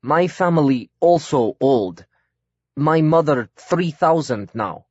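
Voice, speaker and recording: Man putting on a solemn foreign exile, slow broken english, kinda otherworldly, dry dull audio. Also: a little high, expressive, darkish tone, no echo, voice pushed up. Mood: earnest.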